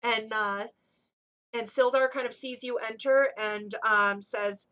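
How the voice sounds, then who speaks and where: A woman's voice: fairly high pitch, steady tone, takes it slowly, bright, forceful tone. A woman narrating a tabletop game as game master, hesitant and full of fillers.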